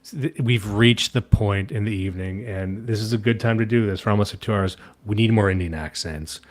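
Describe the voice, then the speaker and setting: A fairly low-voiced man from Canada, hosting a livestream in loose, rambling political chat. He swears freely and breaks into laughs between his points. His delivery is casual and meandering. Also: a little fast. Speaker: stream host.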